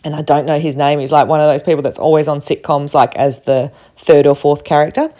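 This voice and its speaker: A woman's voice: low-pitched, fairly even intonation, fairly quick, mellow. A woman from Australia with an Australian accent, telling a rambling travel story to camera with many fillers. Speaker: travel vlogger.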